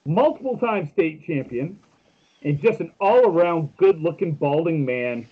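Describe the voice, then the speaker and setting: A man's voice: a little high, expressive, a little slow, slightly rough, dull audio. A man co-hosting a casual podcast, telling jokey stories with lots of fillers and restarts. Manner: joking storyteller with many fillers. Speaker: podcast co-host.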